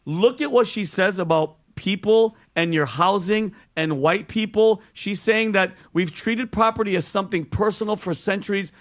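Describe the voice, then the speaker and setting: A man's voice: high-pitched, normal speed, hardly any pauses. A man commenting sarcastically while introducing a video clip.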